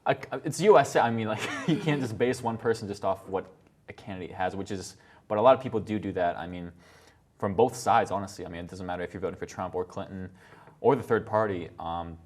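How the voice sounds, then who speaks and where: Young male student, deep voice, quick, filler-heavy casual talk. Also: darkish tone. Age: young adult. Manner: filler-heavy, many "I mean"s. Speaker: student panelist. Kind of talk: casual panel discussion.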